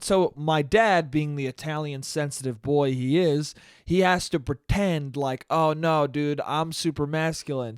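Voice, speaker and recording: A young man with a somewhat high voice talks straight into a close mic in a dry, deadened room. He hosts a solo podcast, rambling through stories in a loose, animated way. Swearing comes often and casually. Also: dry recording. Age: young adult. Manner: profane, animated storytelling. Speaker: podcast host.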